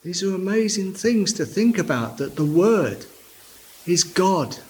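Guy preaching from a church pulpit, slow and careful, leans hard on key words. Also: sits high, sing-song, darkish tone. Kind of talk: sermon.

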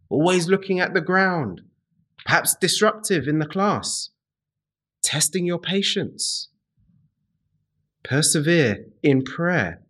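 A man with a high-leaning, husky voice of fairly bright tone delivers a sermon to his congregation. He speaks slowly and deliberately, repeats key phrases, and talks to the listeners directly.

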